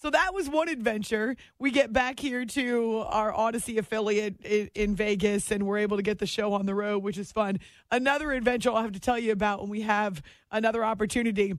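A woman hosting a late-night sports radio show, telling a story in a lively, chatty way with frequent laughs, in a station studio. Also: medium pitch, fairly quick, hardly any pauses, no room sound.

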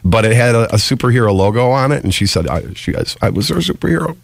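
A middle-aged man hosting a morning radio show, telling stories in casual banter with a swooping, animated delivery. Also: fast, vocal fry, no room sound. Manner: animated storytelling, swooping pitch.

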